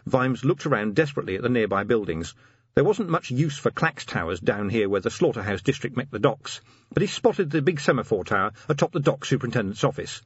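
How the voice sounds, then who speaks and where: A man's voice: mid-range voice, lively intonation, a little fast, husky, no echo, dull audio. A man narrating an audiobook expressively, giving each character a voice.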